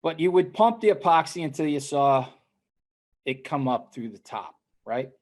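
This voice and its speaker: A man co-hosting a casual chat, telling an animated story and often tagging his lines with "right?". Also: on the high side, normal speed. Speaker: co-host.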